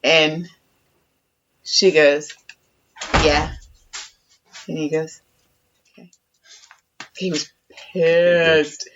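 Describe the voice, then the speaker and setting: A woman's voice: sits low, drawn-out words, long pauses, background noise. A woman co-hosting a podcast, telling a story in casual chat with lots of swearing and acted-out quotes. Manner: animated storytelling, acting out quotes, heavy swearing. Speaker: podcast co-host. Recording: dull lo-fi sound.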